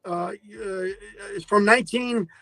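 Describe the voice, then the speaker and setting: A man telling an excitable story as an interview guest, stumbling over restarts and acting out his phone calls. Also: high voice, measured pace, dry recording, poor audio. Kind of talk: animated storytelling in a podcast interview.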